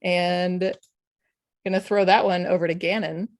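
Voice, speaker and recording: Woman moderator, rambling and chatty, slightly low voice, casual stream Q&A. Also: little pitch movement, a little slow, dry recording. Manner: rambling, chatty, often laughing. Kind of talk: casual panel chat.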